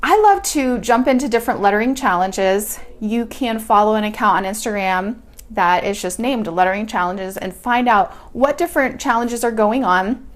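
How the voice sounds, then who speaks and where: A woman's voice: medium pitch, moderate pace. A woman teaching a hand-lettering lesson, talking casually and chattily while she sketches and explains each step. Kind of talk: casual hands-on tutorial.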